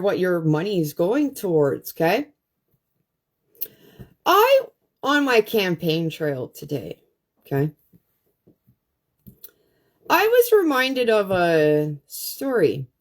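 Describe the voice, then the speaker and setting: Foul-mouthed woman ranting with lively pitch. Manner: blunt, swears constantly, talks straight to viewers. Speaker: livestream host. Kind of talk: profane ranting livestream monologue. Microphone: phone livestream.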